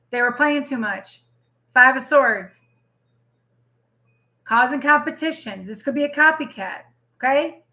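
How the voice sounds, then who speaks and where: A woman giving a tarot reading on a casual livestream, her voice high and bright. She talks in an animated, exclamatory way and swears freely. She sounds like she is speaking from home. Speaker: tarot reader.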